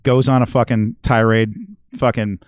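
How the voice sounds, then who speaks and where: A man's voice: on the low side, level tone, normal speed, clear, resonant tone, dry recording, clean studio sound. A middle-aged man telling a long story on a podcast, rambling and swearing constantly. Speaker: guest musician and regular.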